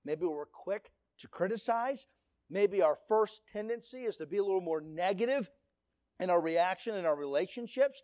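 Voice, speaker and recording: This pastor's voice sits high as he preaches at normal speed, earnest and direct, telling lively stories to make his point to the congregation. His manner is preachy, and the studio-quality recording has no room sound.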